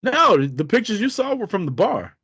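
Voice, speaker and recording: A man's voice: sits high, brisk, breathy edge, no room sound. A man in his thirties, co-host of a podcast, telling a story casually with lots of laughter and swearing. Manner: profane, laughing, animated storytelling.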